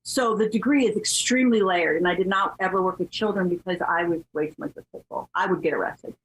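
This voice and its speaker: A woman in her fifties from California, a podcast guest telling her story candidly in an animated, chatty way and laughing as she goes. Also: fairly low pitch, fast talker, a little hiss or hum, rough recording. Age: 50s.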